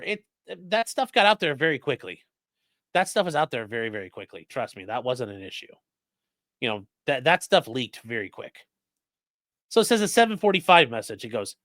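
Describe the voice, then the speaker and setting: A man's voice: fairly high pitch, big pitch swings, brisk, fairly bright tone, no echo. A man hosting a true crime livestream, reading court papers aloud with sarcastic, profane asides. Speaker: host.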